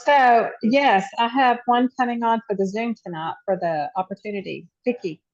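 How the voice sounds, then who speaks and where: A woman's voice: on the high side, normal speed. A woman team member chatting casually and upbeat about an invitation she sent. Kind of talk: casual chat. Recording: dull lo-fi sound.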